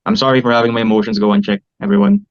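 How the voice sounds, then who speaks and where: A man's voice: medium pitch, big pitch swings, clear, resonant tone, natural voice. A young man with a Filipino accent, playing a husband who argues defensively over a family call. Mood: arguing. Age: young adult. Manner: heated, fast, defensive. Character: young man fighting with his in-laws. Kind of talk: student film acting. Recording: dull lo-fi sound.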